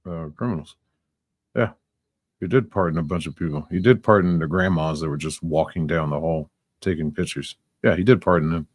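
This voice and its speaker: A man's voice: sits low, dry recording. A man hosting a casual opinion chat, blunt, profane and combative. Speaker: podcast host.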